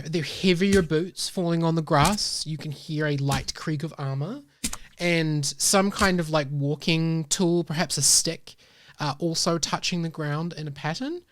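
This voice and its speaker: Low-voiced woman game master. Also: no echo, studio quality. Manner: descriptive, unhurried, with fillers. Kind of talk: narrating a tabletop game.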